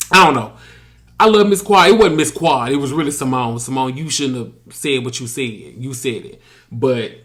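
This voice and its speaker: A man's voice: on the high side, fairly bright tone. A man from near Pensacola, recapping a reality show in a chatty, sassy way and talking straight to the cast. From US Gulf Coast, near Pensacola. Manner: chatty, sassy, addresses cast members directly. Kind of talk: casual commentary recap.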